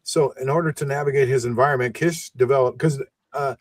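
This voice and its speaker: A man's voice: mid-range voice, fairly even intonation, fairly quick, no echo. A man hosting a podcast in casual chat, loose and jokey, trailing off as he reads notes. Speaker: podcast host.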